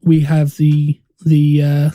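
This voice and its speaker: A man's voice: on the high side, completely flat delivery, slow, mellow, no room sound. A man co-hosting a film podcast in casual chat, hesitant and often restarting his sentences. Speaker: podcast co-host.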